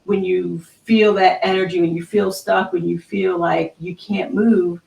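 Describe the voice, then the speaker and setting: Warm-hearted woman coach giving a live pep talk, gravelly voice, roomy mic sound. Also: on the low side, steady tone, unhurried, far from the mic. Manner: emphatic, keeps asking "right?". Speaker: host.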